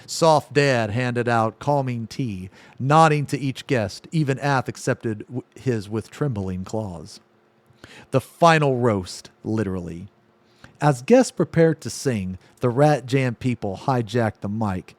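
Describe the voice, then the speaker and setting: Slow-reading male streamer, dry sound. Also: mid-range voice, animated, a little mellow, no room sound. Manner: reads haltingly, breaks off to laugh and comment. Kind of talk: reading a silly story aloud on stream.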